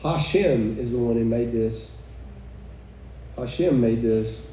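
A woman preaches a sermon with fervor, breaking into exclamations and soft chuckles. Her voice is mellow and dark. She is heard from some distance in a reverberant room, with a faint hiss underneath. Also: a bass voice, slow. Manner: fervent, exclaiming, chuckling asides. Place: room with a live audience. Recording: echoey room, mic far off, faint noise.

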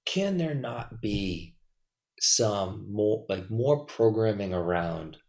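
A man hosts a podcast in casual conversation, his voice sitting a little low. He is agreeable and upbeat, and he keeps nodding along with frequent yeahs. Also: expressive, slow, a little mellow. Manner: agreeable, says "yeah" often, enthusiastic.

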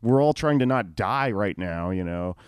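A man's voice: lowish voice, lively intonation, moderate pace, clear, resonant tone, no echo, studio quality. A man, a comedian in casual podcast chat, laid-back, laughing often and swearing casually.

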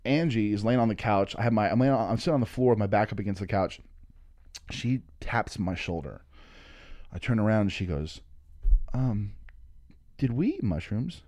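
Animated storytelling comic, dry studio sound. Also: male voice, lowish voice, a little fast, no echo. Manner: animated, swearing, acting out quotes. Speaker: comedian guest. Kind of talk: casual storytelling.

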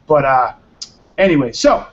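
A man's voice: medium pitch, sing-song, unhurried, a little hiss or hum. A man hosting a casual live talk show, exhausted from little sleep, talking in a rambling, blunt way with the odd swear word. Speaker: show host. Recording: muffled lo-fi audio.

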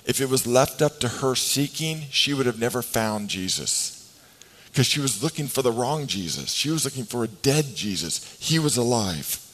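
A pastor with a medium-pitched, expressive voice preaches a sermon, shifting between quiet, slow lines and faster, emphatic bursts. He acts out the voices in the scripture, and the audio quality is poor.

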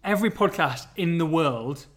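A man hosts a casual live-streamed podcast in a voice pitched a little high. He is excitable and jokey, rambling and restarting his sentences as he talks. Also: moderate pace. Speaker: podcast host.

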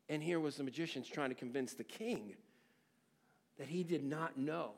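A man preaching an expository sermon, dramatic and questioning, swinging between loud exclamations and near-hushed phrases. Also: on the high side, moderate pace, gravelly, in a large hall. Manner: asks the listeners rhetorical questions. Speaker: pastor.

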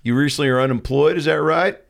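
A man's voice: a little high, quick pace, vocal fry. A man playing a brash, crude older male TV doctor hosting a talk show, rambling and leering. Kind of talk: improvised comedy sketch.

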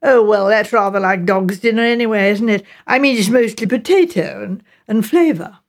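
An awkward, outspoken teenage girl speaks plainly and without ceremony in this audiobook, as a woman reads her. Her lines come up high with a slight gravel under them. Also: normal speed, lightly acted. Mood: blunt, artless. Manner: blunt, artless. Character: awkward blunt teenage girl, frank and odd. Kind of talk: audiobook character reading.

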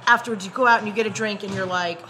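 A woman's voice: mid-range voice, steady tone, rapid-fire, bright, forceful tone, a little hiss or hum. A woman with a Brooklyn accent hosting a casual chat, rambling and self-deprecating. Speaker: podcast host, bar owner. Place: bar.

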